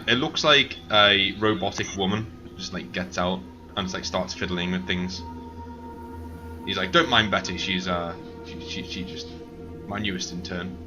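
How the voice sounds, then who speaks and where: A man narrating as game master of a tabletop role-play, rambling and halting with many fillers. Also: sits low, dull audio.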